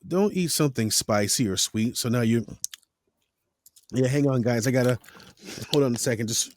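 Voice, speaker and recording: A man's voice: medium pitch, moderate pace, no echo. A man hosting a casual interview, talking shop about voice-over sessions and acting out quoted dialogue as he tells stories. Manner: animated, acts out quoted studio dialogue in different voices.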